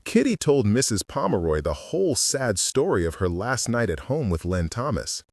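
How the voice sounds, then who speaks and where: A man narrating a novel as an audiobook, in an expressive storytelling manner. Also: mid-range voice, moderate pace, slightly rough, no room sound, studio quality, recorded from a distance.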